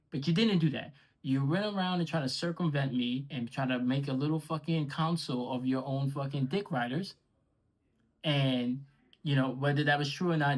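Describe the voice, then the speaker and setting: A man on his own channel, talking a little higher than most men, tearing into a rival with profanity and biting sarcasm. His delivery is heated and confrontational throughout. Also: rough recording. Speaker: podcaster and vlogger. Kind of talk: angry direct-to-camera rant.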